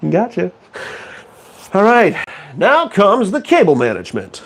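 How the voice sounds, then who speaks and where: A man's voice: high-pitched, huge pitch swings, unhurried, slightly rough. Young guy streaming, jokey and rambling, bouncy voice all over the place. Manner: joking, rambling, self-mocking. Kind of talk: casual live-stream chat.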